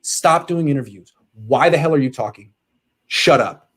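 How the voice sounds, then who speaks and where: A man's voice: a little high, expressive, normal speed, fairly bright tone, husky. A man hosting a casual sports talk show, ranting animatedly and reading out viewer comments.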